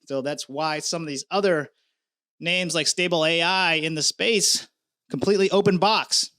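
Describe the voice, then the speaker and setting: A middle-aged man from the United States hosting a casual news commentary vlog, chatty and animated, talking straight to his viewers. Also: a little high, normal speed, no room sound, clean studio sound. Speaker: news channel host.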